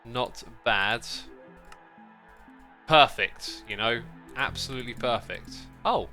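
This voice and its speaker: A man's voice: medium pitch, slow, bright, forceful tone, faint music behind. A man hosting a casual gameplay livestream, chatty and playful, easily sidetracked as he talks to his viewers. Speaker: livestream host.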